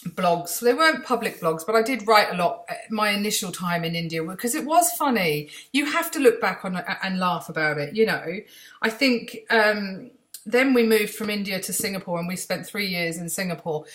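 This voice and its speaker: A woman's voice: medium pitch, a bit bright. A middle-aged English woman vlogging from home, telling anecdotes in a chatty, self-mocking way and acting out the voices of people she met. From England. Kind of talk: casual storytelling to camera. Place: room at home.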